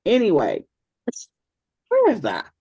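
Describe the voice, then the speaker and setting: A woman's voice: on the low side, huge pitch swings, slow pace, husky, no echo, highs cut off. A woman co-hosting a casual chat, bantering playfully with her friends. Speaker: co-host.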